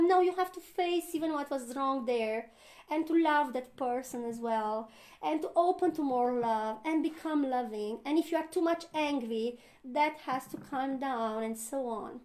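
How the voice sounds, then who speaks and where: A woman's voice: sits high, normal speed. A woman, a spiritual teacher, giving an earnest satsang talk, often laughing and acting out inner voices.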